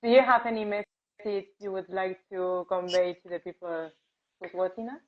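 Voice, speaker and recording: A woman's voice: medium pitch, steady tone, moderate pace. A woman podcast host asking friendly questions in an interview. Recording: dull, lo-fi sound.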